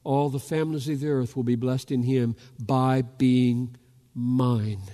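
A pastor preaching a fervent sermon, rising to loud calls as he urges his listeners. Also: medium pitch, fairly even intonation, unhurried. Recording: long reverb of a large hall.

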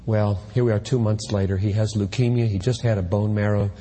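A man preaching a sermon from the pulpit with impassioned delivery, at times rising to shouts. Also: on the low side, steady tone, brisk, big-room sound, slight background noise. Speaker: pastor. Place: church sanctuary.

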